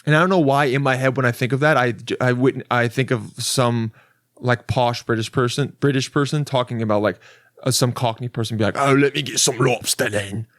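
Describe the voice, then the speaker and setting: A young man rambles through a story as a podcast host, swearing freely and mocking himself, often restarting his sentences. His voice sits at an ordinary male pitch. It is recorded dry and close, with no room sound. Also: fairly even intonation, a little fast, dry recording. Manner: rambling, profane, self-mocking, with many restarts. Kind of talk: casual storytelling monologue.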